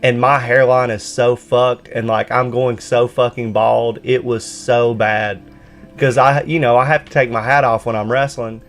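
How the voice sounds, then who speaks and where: A man's voice: medium pitch, little pitch movement, unhurried, soft background music. A man hosting a gaming live stream, bantering casually and swearing freely. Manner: profane, laid-back banter. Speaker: streamer host.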